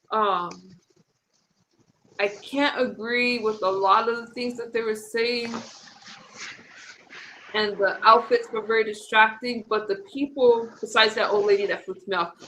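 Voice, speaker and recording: A woman's voice: mid-range voice, bright, forceful tone, slight background noise, rough recording. A woman hosting a casual political talk stream, chatty and rambling, often restarting her sentences. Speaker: host of a political commentary stream. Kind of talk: casual chat with co-hosts.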